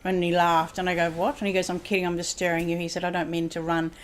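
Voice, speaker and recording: A woman's voice: lowish voice, flat delivery, quick pace. A woman, a psychic medium guest in a casual home interview, who rambles and keeps retelling conversations with "he said". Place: home lounge room.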